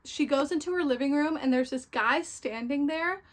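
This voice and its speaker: A woman's voice: high-pitched, normal speed. A young woman chatting casually about a book haul, gushing and full of fillers. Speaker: book vlogger.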